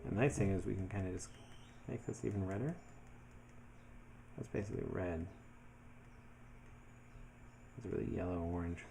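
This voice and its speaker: A man talking casually through his design work as he goes, thinking aloud in a relaxed way with many fillers. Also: low-pitched, brisk, gravelly, a little hiss or hum. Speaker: web developer building his portfolio. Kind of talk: casual screen-share commentary.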